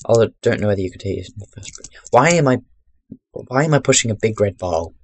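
A young man giving chatty, rambling commentary while playing a video game into his webcam microphone, breaking into sudden loud exclamations. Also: fairly low pitch, quick pace, creaky, slightly rough. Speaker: gaming commentator. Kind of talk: chatty let's-play commentary.

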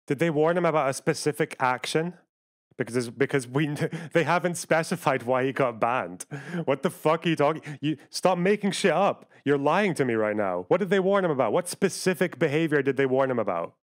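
A man's voice: fairly high pitch, lively intonation. A young man streaming live, arguing heatedly with his chat in a profane, rambling way. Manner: profane, argumentative, rapid asides to chat. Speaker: livestreamer.

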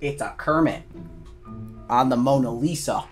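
A young man hosting a gaming channel, talking through a horror game, jumpy and quick to yell and swear when startled. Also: mid-range voice, faint music behind. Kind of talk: gaming commentary.

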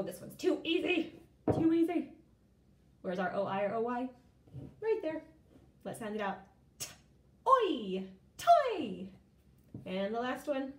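A woman teaches a phonics lesson to young children, in a higher voice that leaps up and down in a lively way. She speaks slowly and draws out each sound, and her voice carries the echo of the room. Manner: slow, sing-song, drawn-out sounds.

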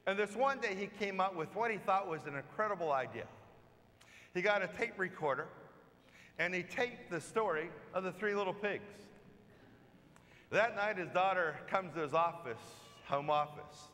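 A man preaches in a church, his voice pitched high for a man and ringing bright. He tells stories in an easy, conversational way and acts out the lines he quotes, and the sound rings with the long reverb of the church. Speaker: pastor. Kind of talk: sermon.

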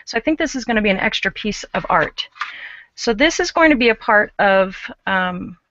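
A woman's voice: medium pitch, animated, moderate pace, fairly bright tone, a little hiss or hum. A woman hosting a live craft show, chatting and thinking aloud as she shows her artwork. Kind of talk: live-streamed craft demo. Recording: dull, lo-fi live stream.

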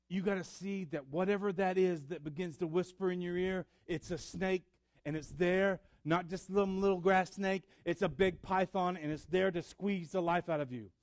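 A man preaching a sermon in church, building up to loud fervor. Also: sits high, no echo. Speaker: pastor. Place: church sanctuary.

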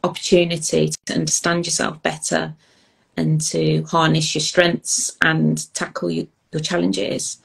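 Gravelly low lady talking thoughtfully, lots of ums, husky. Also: little pitch movement, rough recording. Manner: thoughtful, earnest, halting with many ums. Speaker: ADHD youth coach, guest. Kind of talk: interview conversation.

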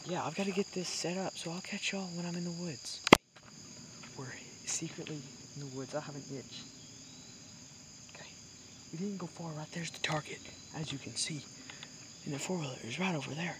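A hunting vlogger, chatting to viewers and whispering while stalking in the woods. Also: mid-range voice. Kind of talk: chatty outdoor hunting vlog. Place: outdoors in woods. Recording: outdoor noise with crickets. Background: crickets and insects.

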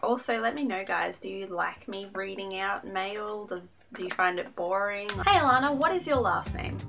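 A woman's voice: medium pitch, expressive, creaky. Young aussie girl chatting thru her fan mail, upbeat and chatty, music going under her voice. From Australia. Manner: bubbly, reads letters aloud with quick asides. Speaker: YouTuber reading fan mail. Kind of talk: casual vlog chat.

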